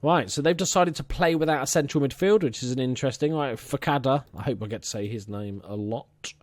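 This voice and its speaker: A young man casually commentating his own football management game, chatty and excitable, swearing now and then. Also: mid-range voice, a little fast, dry recording. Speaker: let's play host.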